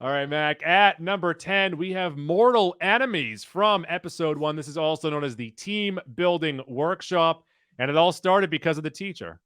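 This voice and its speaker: A man co-hosting a podcast in casual chat, briskly announcing entries of a countdown. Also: fairly high pitch, a bit bright, clear, resonant tone, dry recording, clean studio sound. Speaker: podcast co-host.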